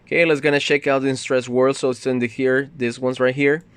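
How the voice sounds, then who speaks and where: Male ESL teacher, mid pitch, patient walkthrough, dry close mic. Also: flat delivery, a little fast, smooth, no room sound. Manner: patient, explains step by step with fillers. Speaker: English teacher. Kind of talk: recorded grammar lesson.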